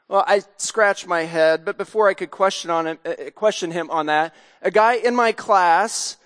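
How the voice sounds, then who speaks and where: A man's voice: sits high, a bit bright. A man, a pastor, preaching a sermon in a conversational storytelling way. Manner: storytelling, sings snatches of a jingle. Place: church sanctuary. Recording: long church hall reverb.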